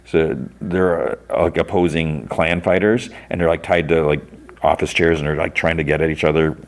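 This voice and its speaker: Deep-voiced man rambling through a recap. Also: flat delivery, normal speed. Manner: rambling, with many "like"s and restarts. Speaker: podcast host. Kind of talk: casual plot recap.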